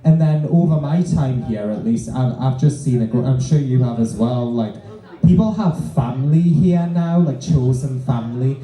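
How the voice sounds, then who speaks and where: A man's voice: mid-range voice, normal speed, warm tone. Cheeky man in a bar. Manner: cheeky, swearing, mock threats. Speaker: co-host, drag performer. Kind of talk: casual live podcast chat. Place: bar, recorded live. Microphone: handheld microphone. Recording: echoey bar room.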